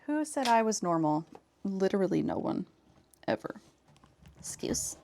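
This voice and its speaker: A woman in her thirties with a low-key, even delivery, casually chatting with viewers while she crafts on a live stream. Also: moderate pace, gravelly, a little hiss or hum. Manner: thinks aloud and answers chat.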